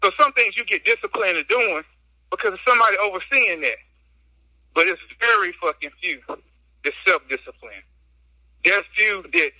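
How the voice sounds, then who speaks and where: A man with a high, very bright and sharp voice speaks into a phone while out walking, a little out of breath. His delivery is emphatic and full of slang as he vents in a casual podcast chat. The sound is dry and close, with no room around it. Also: animated, a little fast, no room sound, poor audio. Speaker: podcast guest. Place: outdoors on a walk.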